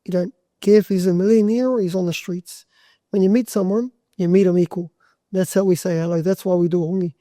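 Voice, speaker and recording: A butcher and charity walker, guesting on a podcast, tells stories casually in a rambling way, swearing freely and restarting sentences. His voice sits high with fairly even intonation and a dark tone, fairly quick, in a studio-quality recording with no room sound.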